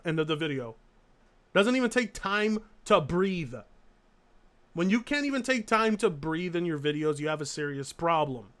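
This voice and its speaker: A man's voice: on the high side, expressive, moderate pace, fairly bright tone. A man streaming live, reacting to videos with sarcastic, incredulous commentary. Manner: sarcastic, incredulous, laughing asides.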